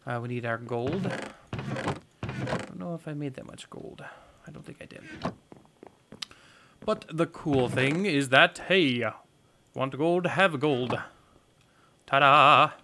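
A man's voice: medium pitch, takes it slowly, long pauses, noisy background. A man hosting a gaming video, giving casual let's-play commentary and thinking aloud with playful, goofy exclamations.

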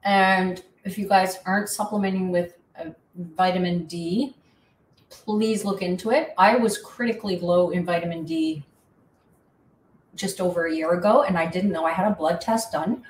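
A woman's voice: lowish voice, steady tone, normal speed, recorded from a distance, a little hiss or hum. A middle-aged woman from Canada, hosting in a casual, rambling, chatty way. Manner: chatty, rambling, self-deprecating. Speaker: host. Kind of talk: casual chat. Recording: echoey room from off-mic.

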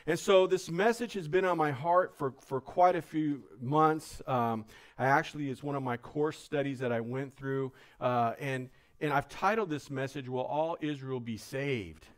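A man's voice: medium pitch, normal speed. A man preaching a sermon as a pastor, casual and easygoing, dropping "man" into his talk. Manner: casual, joking, says "man" often. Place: church.

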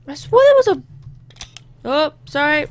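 A woman's voice: high voice, sing-song, unhurried, slight background noise. A woman hosting a let's play, chatty and self-mocking as she works through the game. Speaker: gaming channel host.

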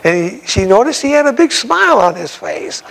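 A man's voice: extremely high pitch, sing-song, normal speed, gravelly, fairly bright tone, low-quality recording. A man, an evangelist, telling a story in a sermon in a folksy, exclamatory way with frequent chuckles.

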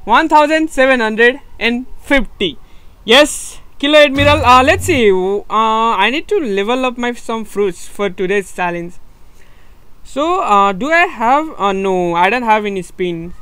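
Young male streamer with a Nepali accent, excitable live commentary, laughs a lot, repeats himself. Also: very high-pitched, unhurried, clear, resonant tone, dry recording. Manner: excitable, laughing, repeats words, switches between English and Nepali. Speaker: gaming streamer.

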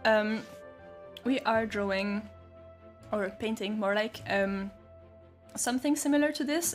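Young woman streamer, slightly high voice, giggly and chatty, soft music underneath. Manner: giggly, chatty, reads chat messages aloud. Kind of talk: casual chat with live chat while painting.

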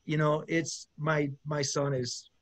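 Taking it slowly, a middle-aged guest musician with a slightly high voice and flat delivery speaks loosely in a casual interview. He rambles with many restarts and laughs.

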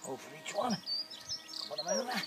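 An older home gardener narrates his work outdoors in a high, sing-song voice at a moderate pace, rambling in plain words with many restarts. Someone films him on a handheld camera, and loud music, birdsong, and outdoor ambience fill the recording.

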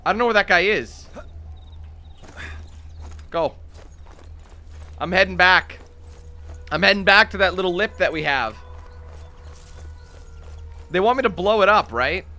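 Excitable young gamer yelling at his game. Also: high-pitched, measured pace, long pauses, faint music behind. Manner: excitable, swears and yells at the game. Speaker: let's play gamer. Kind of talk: gameplay commentary.

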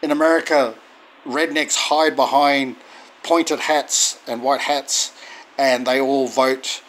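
A man's voice: mid-range voice, steady tone, takes it slowly, fairly bright tone, low-quality recording. Indignant man ranting. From Australia. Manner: indignant, emphatic, repeats words. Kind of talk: casual monologue to camera.

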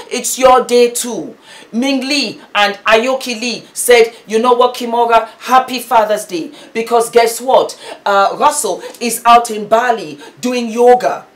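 Brief: middle-aged British woman, commentator, emphatic and preachy, repeats lines for effect, mid-pitched. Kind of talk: impassioned commentary.

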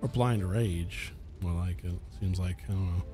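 A man's voice: low-pitched, unhurried, warm tone. A man casually commenting on a video game as he plays, chatty and sarcastic, swearing freely. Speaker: let's play host. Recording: game music under the voice.

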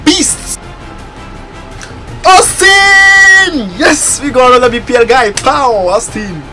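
A man commenting on his video game pack opening, excitable and bursting into loud exclamations. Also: very high voice, moderate pace, faint music behind. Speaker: gaming YouTuber.

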